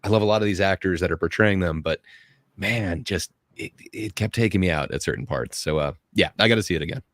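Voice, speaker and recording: A lower-voiced man chatting casually as a co-host, pausing and hunting for his words. His voice is recorded dry and close, with no room around it. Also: a bit bright, no echo. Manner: hesitant, searching for words. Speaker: podcast co-host. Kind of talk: casual chat.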